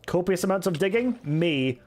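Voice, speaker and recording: A man's voice: high-pitched, lively intonation, normal speed, darkish tone. A young Scottish man streaming a game, chatting casually and with self-mockery as he reads out viewer messages and answers them. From Scotland. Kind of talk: casual live-stream chat while gaming. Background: faint background music.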